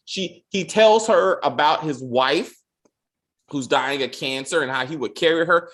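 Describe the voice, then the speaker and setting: A man hosting a casual film review chat, profane and animated, often stumbling and restarting as he acts out quotes. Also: on the high side, unhurried. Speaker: podcast host.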